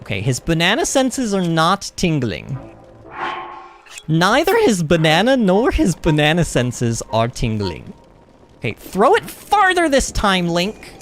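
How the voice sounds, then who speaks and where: A male streamer giving live gameplay commentary in a playful, chatty way, quick to sound alarmed. His pitch swings widely from line to line. Faint game music plays underneath. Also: huge pitch swings.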